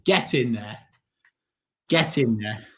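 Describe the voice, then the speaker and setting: A man co-hosting a fan watchalong, commenting on the match in a relaxed, drawn-out way that breaks into excited shouting. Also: medium pitch. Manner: goes from slow chat to ecstatic shouting and singing. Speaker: fan channel co-host.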